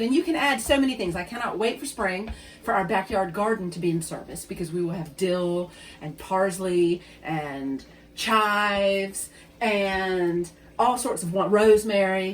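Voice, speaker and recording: A woman of medium pitch hosts a cooking demonstration in her home kitchen, chatting and poking fun at herself as she speaks directly to viewers. She sounds as if she was recorded from a distance.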